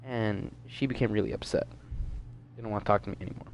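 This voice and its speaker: A man's voice: fairly low pitch, steady tone, quick pace, slight background noise. A man of nineteen from the Washington DC area telling a casual story in a rambling, profane way, full of fillers. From Washington DC metro area, US. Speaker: gaming vlogger.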